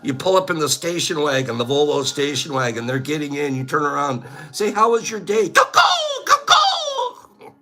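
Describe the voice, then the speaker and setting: Host, male, middle-aged: goofy, laugh-prone, high bright voice that swings wildly, unhurried, light music underneath. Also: lively intonation. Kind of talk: casual livestream chat.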